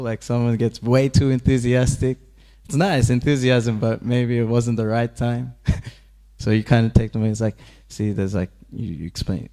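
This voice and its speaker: Male speaker with a lower-pitched voice, leading a casual temple class and narrating with light laughter. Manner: relaxed, chuckling, acts out characters' lines with raised pitch. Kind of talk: casual devotional class storytelling. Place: temple room.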